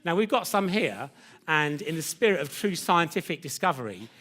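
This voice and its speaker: A man's voice: fairly high pitch, very animated, moderate pace, a bit bright. A man presenting a live science demonstration lecture, chatty and jokey, teasing his assistant. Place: lecture theatre with audience.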